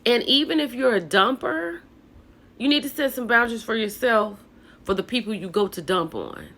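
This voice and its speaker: A woman's voice: fairly high pitch, animated, normal speed, a bit bright. A woman hosting a casual reality TV recap, chatty and opinionated, talking straight to her viewers.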